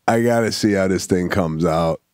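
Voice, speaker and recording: A man's voice: deep voice, normal speed, darkish tone, clean tone, dry recording, studio quality. A man co-hosting a comedy podcast, talking earnestly and repeating himself with stammering restarts. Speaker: podcast co-host. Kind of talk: casual comedic chat.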